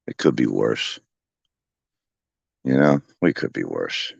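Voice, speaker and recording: A man's voice: very deep voice, animated, takes it slowly, creaky, breathy edge, no echo, highs cut off. A man, chatting casually from his porch and telling profane, folksy stories with plenty of laughter. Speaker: vlogger talking to his viewers and pets. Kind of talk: rambling casual porch chat. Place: outdoors on a home porch.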